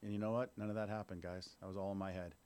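A fairly low-pitched man in his fifties speaks to a room of listeners at a recovery meeting. He tells his own story candidly and conversationally, often tossing in a "right?" to keep the audience with him. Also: flat delivery, fast talker, darkish tone, clean tone. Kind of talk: personal recovery testimony to a group.

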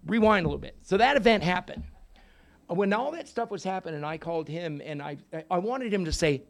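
A man in his sixties with a notably high voice tells a personal recovery story. He is animated and profane, dropping into hushed asides and then rising to loud bursts. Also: brisk. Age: 60s. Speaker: recovery meeting speaker. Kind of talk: storytelling talk.

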